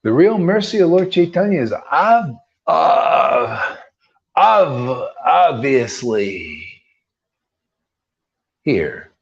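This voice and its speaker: A man's voice: a little high, big pitch swings, extremely slow, creaky, pauses often. A man preaching informally as a spiritual teacher, firing combative rhetorical questions and tossing in slangy "man" asides. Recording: dull lo-fi recording.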